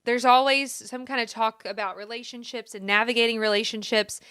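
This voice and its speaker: A woman's voice: on the high side, fairly even intonation, fairly quick, fairly bright tone, clean tone, no echo, clean studio sound. A woman co-hosting a podcast in casual chat, talking in a chatty, sing-songy way from a spare room at home. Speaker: podcast co-host.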